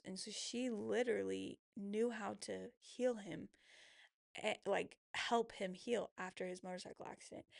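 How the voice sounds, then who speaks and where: Gravelly-voiced woman telling a candid story. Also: medium pitch, no echo, studio quality. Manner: emotional, confessional, quick asides. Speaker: vlogger.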